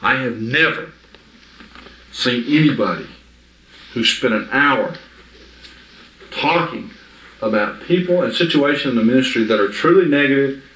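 A man's voice: medium pitch, animated, unhurried, pauses often, bright, forceful tone. Emphatic man teaching in an echoey room. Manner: conversational, emphatic, checks understanding. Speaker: Bible teacher. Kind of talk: informal teaching to a small group. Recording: echoey room, mic from afar.

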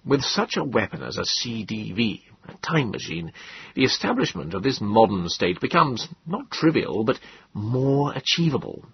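A man voicing an earnest, persuasive middle-aged male government official in an audiobook, lecturing in a husky voice. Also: mid-range voice, big pitch swings, normal speed, a little hiss or hum. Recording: dull lo-fi dry audiobook.

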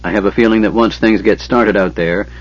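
Man playing a commanding storybook half-elf, urgent, husky. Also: fairly low pitch, steady tone, fairly quick, highs cut off, natural voice. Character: tense, commanding male half-elf leader.

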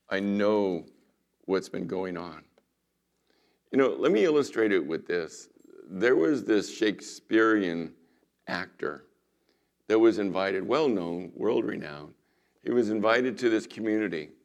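A man preaching a sermon as pastor, retelling scripture stories dramatically and dropping to a hushed voice for quoted lines. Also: lowish voice, creaky.

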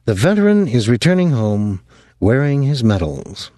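A man's voice: medium pitch, big pitch swings, normal speed, dark tone, dry recording, studio quality, voice pushed up, natural voice. A man voicing a bitter, witty middle-aged woman who talks in a sardonic, theatrical way.

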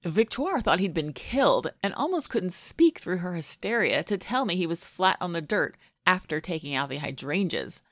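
A woman's voice: on the low side, very animated, normal speed, hardly any pauses, fairly bright tone, no echo. A woman voicing a stern older grandmother with a hint of amusement.

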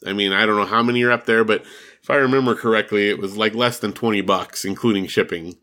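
A man co-hosting a podcast, talking in a relaxed, chatty way. His voice has a bright, forward tone. He laughs easily and keeps the talk loose. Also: lowish voice, quick pace, slight background noise. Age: adult with children. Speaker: podcast co-host. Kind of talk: casual chat.

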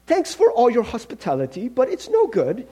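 A man's voice: extremely high pitch, huge pitch swings, normal speed, dark tone, husky, pitched above the performer's own voice, full character voice. Man putting on a whiny British ghost. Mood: apologetic. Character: irritable male ghost with a lizard.

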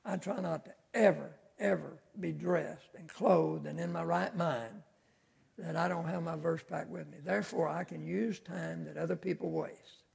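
A man's voice: fairly high pitch, steady tone, normal speed, vocal fry, darkish tone, husky. An older man teaching a Sunday school class in a folksy, conversational way, with homespun asides. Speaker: Bible teacher.

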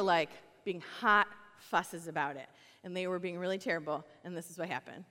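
A woman pastor preaching a sermon in a casual, conversational way, rising to animated reading and dropping to soft, hushed lines. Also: mid-range voice, in a large hall.

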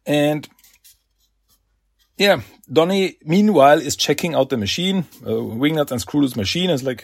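A man's voice: on the high side, unhurried, breathy edge, no room sound, studio quality. A man hosting a podcast, casually recapping a comic with lots of fillers and laughs. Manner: animated, filler-heavy, laughs often. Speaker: podcast host.

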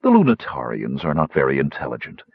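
A man voicing an ancient, aloof male dragon who speaks softly and slowly. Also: wildly swooping pitch, husky, dry recording, lo-fi sound, exaggerated voice. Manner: soft, low and unhurried. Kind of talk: audiobook character voice.

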